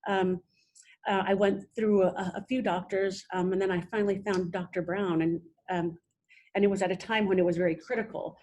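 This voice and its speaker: A young adult woman, a podcast guest, telling her own story in a halting way with many restarts. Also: medium pitch, fairly even intonation, darkish tone. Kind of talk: personal storytelling interview.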